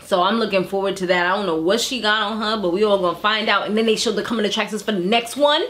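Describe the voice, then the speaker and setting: A woman's voice: medium pitch, fast, fairly bright tone. A woman chatting casually about a reality show, laughing often and using slang. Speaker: reality TV recap vlogger. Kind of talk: casual chat.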